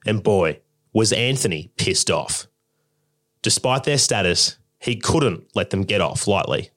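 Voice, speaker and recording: A man's voice: lowish voice, animated, measured pace, fairly bright tone. A man giving scripted documentary narration in wry, punchy lines. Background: music.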